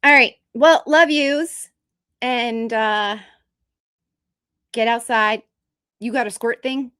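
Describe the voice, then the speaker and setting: A woman's voice: on the high side, fairly even intonation, slow pace, a bit bright, clean tone, dry recording, studio quality. A woman hosting a live stream, chatting casually with viewers in a rambling, joking and bluntly profane way. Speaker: streamer host.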